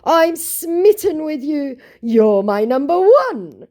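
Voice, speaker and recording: A whiny, lovesick male scammer , put on by a woman. He pleads high, loud and slow, dragging out each word in broken English. The voice swoops up in a wheedling wail. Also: expressive. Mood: whiny pleading.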